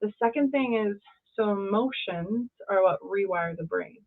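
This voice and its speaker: Appearing as an interview guest over a remote call, a woman life coach speaks in short, earnest, encouraging phrases. Her voice is medium-pitched at a moderate pace, and the line sounds tinny, like a phone.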